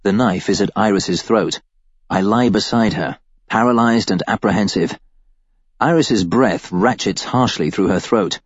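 A man with a lowish voice reads a first-person story with a wry, deadpan edge. The recording is dry and slightly dull, close to the mic. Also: a little slow, slightly rough, no echo. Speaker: audiobook narrator. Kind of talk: first-person audiobook narration.

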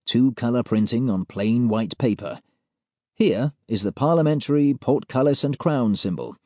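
A man reading a first-person story aloud in a wry, deadpan way, close to a studio mic. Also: fairly low pitch, dry recording. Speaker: audiobook narrator. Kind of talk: scripted first-person narration.

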